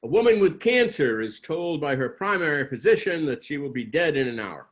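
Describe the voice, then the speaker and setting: A man's voice: on the high side, very animated, a little fast, lo-fi sound. A man delivering a sermon as a minister, telling a story with dry humor.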